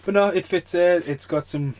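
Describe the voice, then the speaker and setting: A man's voice: sits high, normal speed, darkish tone. A man ranting casually as a film reviewer, chatty and loose, swearing freely, a little tipsy. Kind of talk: casual rambling rant.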